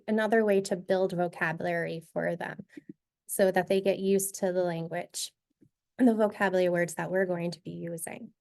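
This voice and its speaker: A woman leads a teacher-training session, demonstrating a reading activity step by step in a clear, instructive manner. Her voice is mid-range and a little mellow.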